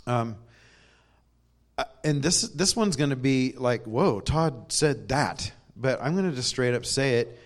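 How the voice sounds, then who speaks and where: A man's voice: medium pitch, expressive, normal speed, pauses often. A man giving a conversational sermon in a church, telling stories with self-deprecating humor and laughs. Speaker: preacher.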